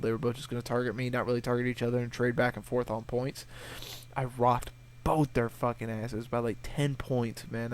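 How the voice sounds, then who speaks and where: A young man chats casually through viewer questions in a vlog. He rambles and curses as he tells his stories. His voice sits at an ordinary middle pitch. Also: a little mellow, clear, resonant tone. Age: young adult. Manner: profane, rambling storyteller who acts out voices. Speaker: gaming video creator.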